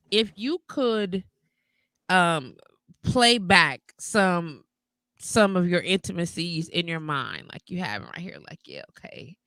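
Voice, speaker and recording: A woman's voice: lowish voice, a bit bright, no echo. A woman hosting a late-night radio talk show in a playful, teasing way, laughing often. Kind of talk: casual chat.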